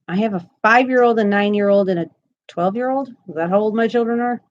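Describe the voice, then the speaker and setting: Speaking fast in a mid-range voice, a thirtysomething crochet channel host chats and giggles through a live stream at home, reading out viewer comments. The recording sounds muffled.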